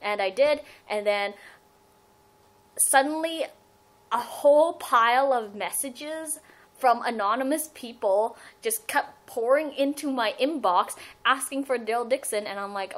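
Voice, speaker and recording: A woman's voice: a little high, measured pace, poor audio. A young woman talking to her webcam in a casual fan vlog, answering viewer questions. She rambles, giggles and often cuts herself off mid-sentence. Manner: rambling, giggly, self-interrupting. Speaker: fan vlogger.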